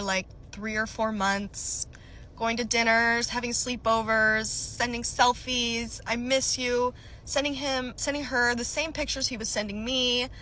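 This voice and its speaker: Young woman, storytime vlogger, bright tone, chatty and animated, filler-heavy delivery. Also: on the high side, a little hiss or hum, low-quality recording. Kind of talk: storytime vlog, casual recounting.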